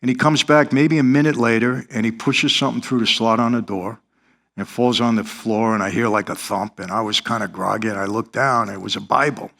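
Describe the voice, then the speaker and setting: A man's voice: on the low side, fairly even intonation, brisk, gravelly, fairly bright tone. A middle-aged man, telling his life story in earnest, confessional style as an interview guest. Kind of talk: interview testimony.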